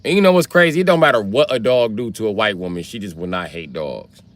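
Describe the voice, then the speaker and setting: A man's voice: lowish voice, expressive, fast talker, no room sound. A man live-streaming, casually reading viewer comments aloud and answering them with crude, rambling jokes. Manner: crude, joking, rambling banter.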